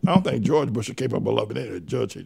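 A man's voice: mid-range voice, expressive, rapid-fire, gravelly, darkish tone, slight background noise. An older man hosting a talk show, delivering rambling, mocking political commentary that trails off and restarts mid-sentence. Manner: mocking, sardonic. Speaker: radio show host.

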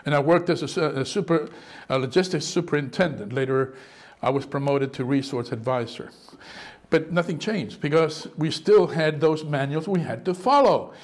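A man with a high voice preaches a sermon from the pulpit. He is animated, sliding into quoted voices and exclaiming as he makes his points. He sounds middle-aged. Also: moderate pace. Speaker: pastor.

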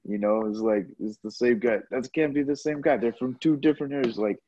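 A man's voice: mid-range voice, quick pace, warm tone, lo-fi sound. A man co-hosting a movie podcast, chatting casually in a laid-back way. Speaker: podcast co-host.

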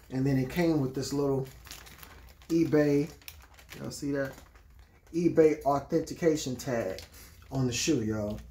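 A man's voice: mid-range voice, dark tone. A man giving a casual sneaker review, talking straight to his viewers. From Texas. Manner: chatty, keeps addressing viewers as y'all. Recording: echoey room.

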